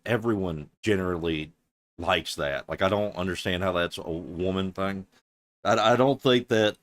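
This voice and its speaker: A man with a low voice, streaming from a close, dry desk mic. He reacts to a clip with sarcastic, exasperated commentary and swears freely. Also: dry recording.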